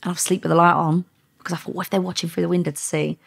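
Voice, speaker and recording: Gravelly woman telling stories. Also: lowish voice, racing. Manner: lively anecdotes with quoted dialogue, frequent laughs. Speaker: former undercover police officer. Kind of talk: podcast interview storytelling.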